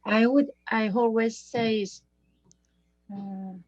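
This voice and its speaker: A woman's voice: fairly high pitch, steady tone, slow pace, a little mellow, lo-fi sound. A woman in an online class reading practice sentences, hesitant and correcting herself. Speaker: workshop participant.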